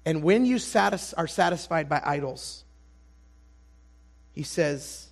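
A male traveling preacher giving a sermon with personal stories, speaking in an animated, self-deprecating way and often restarting his sentences. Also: on the high side, slow pace, creaky, long pauses.

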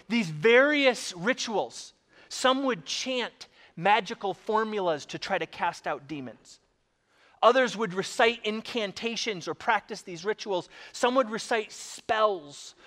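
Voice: medium pitch, fairly bright tone. Pastor talking to the congregation, chatty and jokey, stumbles over words. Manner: conversational, joking, repeats words. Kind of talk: sermon. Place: church service before a congregation.

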